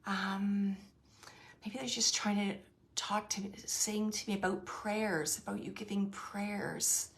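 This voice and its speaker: A woman working as a medium, giving a gentle spirit reading to a sitter, halting and searching as she relays messages, with many fillers and restarts. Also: medium pitch, fairly even intonation, gravelly. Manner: gentle and reassuring. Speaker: psychic medium.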